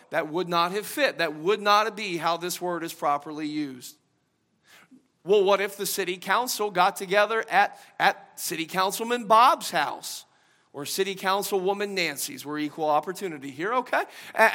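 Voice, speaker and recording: High, bright-voiced man preaching a sermon. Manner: swings from quiet, low-key teaching to loud emphatic preaching; repeats key phrases for emphasis. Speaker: pastor.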